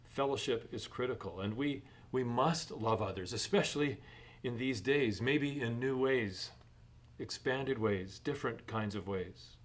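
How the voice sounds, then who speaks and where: A middle-aged man pastor preaching a sermon in a measured way, rising in emphasis on key points. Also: mid-range voice.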